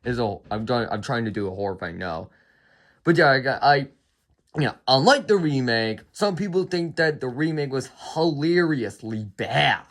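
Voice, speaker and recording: A man's voice: mid-range voice, expressive, moderate pace, fairly bright tone. A man retelling a movie's plot in a casual review, rambling and chaining "and then", often restarting and apologizing.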